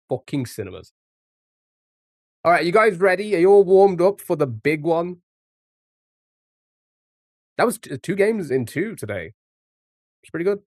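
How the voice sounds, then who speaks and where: A man's voice: medium pitch, darkish tone, no echo, clean studio sound. A man streaming live, chatting casually with his chat and swearing now and then while playing a word game. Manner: chatty, jokey, talks back to chat.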